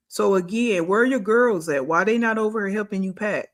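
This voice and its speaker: A woman's voice: mid-range voice, brisk, few pauses, fairly bright tone. A woman hosting a reaction channel, giving blunt, scornful, slangy commentary on a clip.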